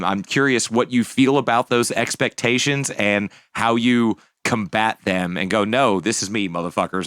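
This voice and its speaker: Bright-voiced male co-host. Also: lowish voice, dry recording, clean studio sound. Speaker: podcast co-host. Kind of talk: casual chat.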